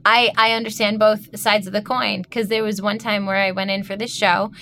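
A woman's voice: medium pitch, moderate pace. A woman from New York chatting in a studio, an actor who tells stories animatedly and acts out what people said. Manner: animated storyteller, acts out quotes, laughs often. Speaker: co-host, actor. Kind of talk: casual chat.

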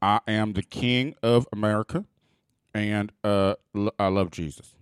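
Man putting on a pompous old senator, deep slow drawl, dry close sound. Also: fairly even intonation, smooth, no echo, close to an everyday voice. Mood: smug.

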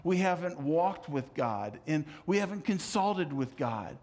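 A man with a high, bright-pitched voice preaches a sermon to his congregation. He is impassioned, pressing points with repetition and then dropping to quiet, earnest asides. He sounds middle-aged. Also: sing-song, measured pace. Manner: impassioned preaching, swinging from loud emphatic calls to soft low asides. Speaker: pastor.

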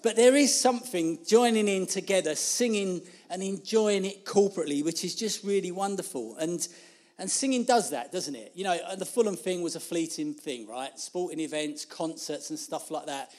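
A man's voice: sits high, animated, moderate pace, a little mellow. A man, preaching an informal sermon in a chatty, self-deprecating way and laughing through his asides. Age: 50s.

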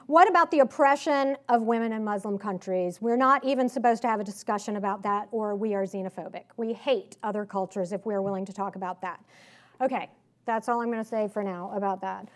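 A woman with a mid-range voice and a slight Southern accent speaks a little fast, delivering a political speech to a live audience in a conference hall. She is a conference speaker, emphatic and sarcastic, firing off rhetorical questions.

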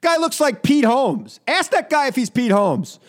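High-voiced guy hosting a radio call-in show, laughs a lot, trips over words. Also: measured pace. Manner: animated, laughs often, repeats words. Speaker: radio talk show host. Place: radio studio.

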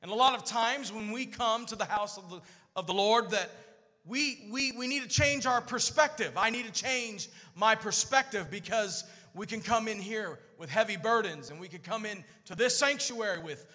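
High, bright preacher in a reverberant hall. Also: male voice, moderate pace. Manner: builds from quiet teaching to shouted, sing-song preaching. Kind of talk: sermon. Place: church sanctuary. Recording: long church hall reverb.

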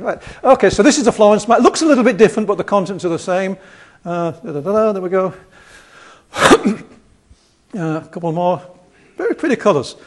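Chatty Yorkshire man giving a lecture. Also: high-pitched. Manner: rambling, chatty, self-deprecating humor. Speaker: lecturer presenting slides. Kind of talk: casual lecture talk.

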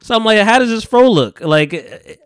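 A man's voice: high-pitched, animated, normal speed, clear, resonant tone, dry recording, clean studio sound. A man co-hosting a podcast in casual chat, blunt and profane, laughing often. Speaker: podcast co-host.

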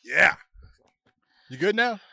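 A man co-hosting a podcast, teasing and goading his friend through a spicy chip challenge and laughing loudly. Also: high-pitched, very animated, takes it slowly, vocal fry, slightly rough, dry recording. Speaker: podcast co-host. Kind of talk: casual chat, teasing.

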